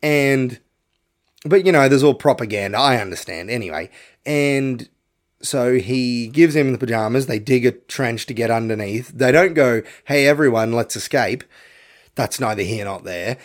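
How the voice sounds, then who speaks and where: A man's voice: medium pitch, normal speed. Blunt, swearing man. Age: young adult to middle-aged. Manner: profane, rambling, blunt. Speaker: podcast host. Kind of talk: casual film review rant.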